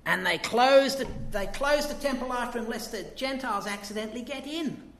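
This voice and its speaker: A man's voice: very high-pitched, fairly quick, a bit bright, roomy sound. A man preaching a sermon in a conversational way, asking the congregation rhetorical questions and acting out quotes.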